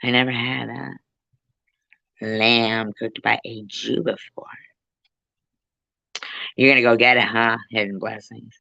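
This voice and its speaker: A woman's voice: a bass voice, flat delivery, takes it slowly, vocal fry, long pauses, bright, forceful tone, dry recording. A woman hosting a casual livestream, teasing and joking with her viewers. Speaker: livestream host. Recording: dull lo-fi sound.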